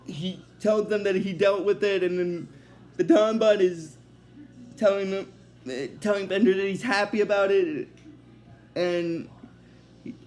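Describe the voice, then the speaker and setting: High-voiced young man rambling a recap. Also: steady tone, measured pace, pauses often, darkish tone. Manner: rambling, many fillers like "basically" and "uh". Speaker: episode recap host. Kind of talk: casual episode recap.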